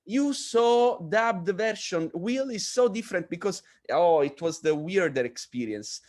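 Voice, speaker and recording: A male film director, a native Italian speaker, explaining his work in halting English full of fillers and restarts. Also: high-pitched, animated, a little mellow. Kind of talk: casual interview conversation.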